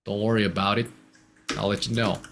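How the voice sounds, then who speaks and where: A man's voice: fairly low pitch, level tone, brisk, vocal fry, noisy background. A man teaching a casual one-on-one English lesson, patiently explaining simple words.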